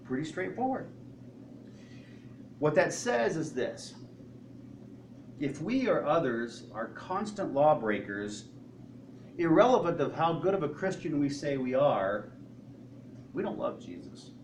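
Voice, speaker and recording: A man's voice: a little high, sing-song, slow pace, long pauses, echoey room, far from the mic, slight background noise, rough recording. A man preaching a sermon as a pastor. He asks the congregation questions and acts out quoted voices.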